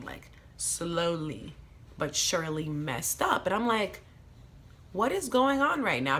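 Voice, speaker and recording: A young woman tells a personal story to her camera in a casual, unscripted way. Her voice is bright and forceful, and it sits a little lower than most women's. She talks bluntly, swears freely and fills her pauses with fillers. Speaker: vlogger telling a personal story.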